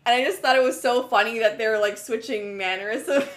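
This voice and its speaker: A woman's voice: a little high, moderate pace. Amused young woman podcast co-host. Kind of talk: casual chat.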